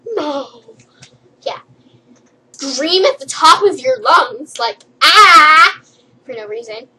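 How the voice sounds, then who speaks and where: Bright high-voiced young woman, rambling. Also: animated, slow, a little hiss or hum, rough recording. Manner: rambling, playful, giggly. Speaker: vlogger. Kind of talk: silly comedic list vlog.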